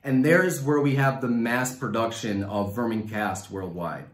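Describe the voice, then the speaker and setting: A man with a Mexican Spanish accent speaks with upbeat enthusiasm, explaining his science to a panel. His voice sits at an ordinary middle pitch. The sound carries a noticeable room echo. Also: a little slow, slight background noise. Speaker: science communication finalist. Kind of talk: science talk and audience Q&A.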